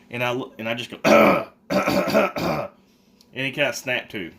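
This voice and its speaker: Low-voiced man telling a story casually. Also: unhurried, gravelly. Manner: animated, acts out quotes of others. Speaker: vlogger.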